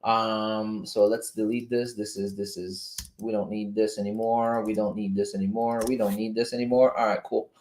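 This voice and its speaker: A man's voice: on the low side, level tone, moderate pace, few pauses, darkish tone, reverberant, a little hiss or hum. A man from Montreal with a Québécois French accent, hosting a casual livestream and chatting loosely, swearing and going off on tangents. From Montreal, Canada. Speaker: livestream host.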